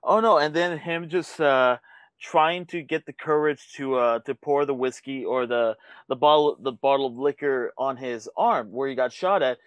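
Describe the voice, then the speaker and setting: A man's voice: medium pitch, no room sound. A man co-hosting a podcast, talking about films casually with enthusiasm and frequent laughter. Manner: laughing, enthusiastic, quick agreement. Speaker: podcast co-host. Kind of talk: casual film discussion.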